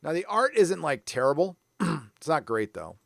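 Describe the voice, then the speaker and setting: A man's voice: on the high side, sing-song, moderate pace, creaky, fairly bright tone, no echo. Guy from san diego rambling on his live stream, jokes at his own expense, dead dry sound. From San Diego, California. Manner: rambling, self-deprecating, off-the-cuff. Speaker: livestream host. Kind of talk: casual live-stream chat.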